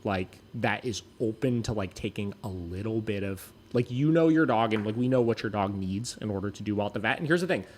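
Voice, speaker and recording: A young man casually telling a story as a dog-training podcast host, animated and swearing often. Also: fairly quick, hardly any pauses, a little hiss or hum. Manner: animated, swears often, mimics people in high voices.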